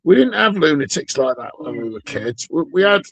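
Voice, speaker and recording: A man's voice: a little high, sing-song, fairly quick, vocal fry, fairly bright tone, no echo, highs cut off. A middle-aged British man streaming, rambling through a sweary, sardonic, digressive rant in casual chat.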